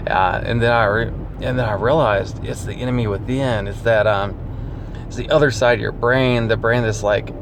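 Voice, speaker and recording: Man, casual vlogger, rambling and self-mocking, gravelly low voice, noisy background. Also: steady tone, moderate pace. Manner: rambling, self-deprecating, laughs often. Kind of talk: casual vlog monologue.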